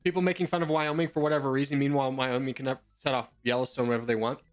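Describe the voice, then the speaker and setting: A man's voice: medium pitch, flat delivery, very fast, soft background music. A young man streaming from home, rambling and joking as he answers viewers' questions in casual chat.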